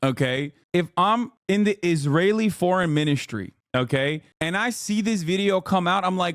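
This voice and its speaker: A man's voice: high-pitched, animated, moderate pace, hardly any pauses, a bit bright, dry recording, clean studio sound. A man streaming, reacting to videos in a casual, incredulous and profane rant. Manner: exasperated, incredulous, profane ranting.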